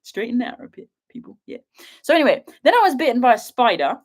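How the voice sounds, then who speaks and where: A young woman from the UK, a wildlife filmmaker, chatting casually on a livestream from home in a giggly, rambling, excitable way. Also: fairly high pitch, fast talker.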